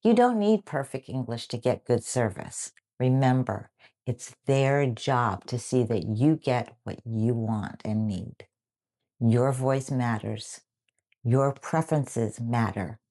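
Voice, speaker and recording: A woman teaching English in a clear, slow lesson delivery, acting out example phrases. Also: a bass voice, animated, warm tone.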